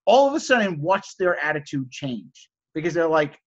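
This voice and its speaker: A man with a high-pitched voice hosts a casual live stream, answering viewers' questions with upbeat, salesman-like enthusiasm. The sound is dull and lo-fi. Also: big pitch swings, moderate pace. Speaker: host of a live stream teaching resale negotiation. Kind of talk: casual live-stream coaching, reading chat messages.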